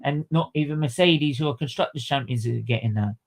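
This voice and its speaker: A man's voice: medium pitch, a little fast. Guy hosting a stream, fired up and ranting, keeps repeating himself and swearing. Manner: ranting, repeating phrases, swearing, British slang. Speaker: livestream host. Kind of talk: heated fan commentary on a livestream.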